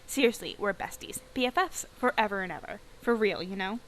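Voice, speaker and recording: A bubbly teenage girl from a riding game gushes in a high, excited valley-girl voice, as a woman puts her on. She shows off and squeals with delight. The voice jumps well above the reader's usual pitch. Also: fairly quick, slight background noise, lightly acted, rough recording.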